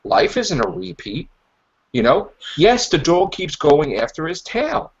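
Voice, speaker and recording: A man hosting a podcast in casual chat, rambling and acting out characters' lines in animated voices. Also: on the high side, a little slow, slightly rough. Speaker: podcast host. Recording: dull lo-fi podcast audio.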